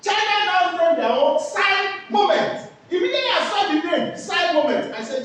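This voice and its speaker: A woman's voice: very high voice, lively intonation, normal speed, hardly any pauses, a bit bright, a little hiss or hum. A woman teaching a class, asking questions and answering them herself. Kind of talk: classroom lecture with call-and-response questions. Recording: echoey room, voice from far off.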